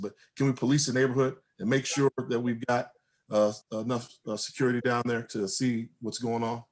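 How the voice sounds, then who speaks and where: A man co-hosting an online community meeting as a state delegate, talking in halting bursts with many restarts, over a video call. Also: mid-range voice, little pitch movement.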